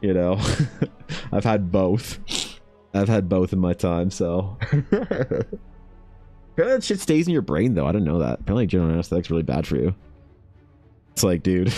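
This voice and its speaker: Laid-back low-voiced man chatting while drawing. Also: dark tone. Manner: laid-back, rambling, laughs often, says dude and bro. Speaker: artist livestreaming. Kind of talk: casual chat while drawing.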